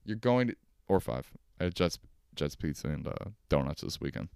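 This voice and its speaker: A young man talks alone into his podcast mic from his couch, ranting in a sarcastic, profane comic way. His voice sits a little low and comes through very smooth and clean. The sound is close and dry, with no room around it. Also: expressive, moderate pace, darkish tone, no room sound. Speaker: podcast host. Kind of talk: solo comedic podcast rant. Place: at home on a couch.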